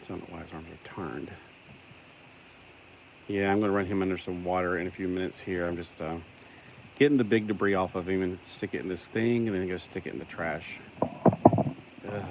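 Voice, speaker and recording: Man, deep low voice, rambling casual vlog, self-deprecating, faint background hum. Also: vocal fry, rough recording. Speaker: toy collector vlogger.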